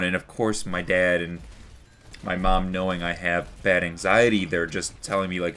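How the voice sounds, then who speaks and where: Earnest rambling young man, low voice. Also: fairly even intonation, normal speed, a bit bright. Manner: rambling, earnest, heavy use of "like" and "you know". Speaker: vlogger. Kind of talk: personal storytelling to camera.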